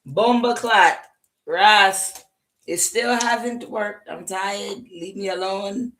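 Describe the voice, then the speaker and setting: A woman's voice: mid-range voice, slow, slight background noise, voice pushed up. A woman voicing a tired, homesick Jamaican spell-caster in a put-on Jamaican accent, complaining in exaggerated bursts. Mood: weary complaining. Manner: complaining, exaggerated, loud outbursts.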